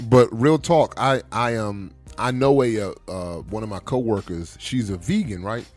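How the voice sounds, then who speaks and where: Deep-voiced man telling animated stories. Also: unhurried, faint music behind. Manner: animated storyteller who acts out quoted dialogue. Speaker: podcast co-host. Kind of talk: casual chat.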